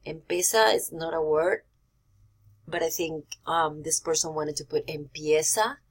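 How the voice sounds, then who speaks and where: Lowish-voiced woman teacher giving feedback. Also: unhurried. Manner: explanatory, repeats key points, mixes English and Spanish phrases. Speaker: Spanish teacher. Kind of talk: recorded feedback on student compositions.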